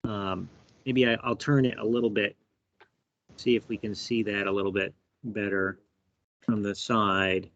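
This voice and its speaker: A man's voice: lowish voice, flat delivery, unhurried, pauses often, fairly bright tone, a little hiss or hum. A man hosting a live bee workshop on a video call, chatty and thinking aloud as he shows specimens. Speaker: workshop host. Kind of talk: live online workshop teaching. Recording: dull, dry video call audio.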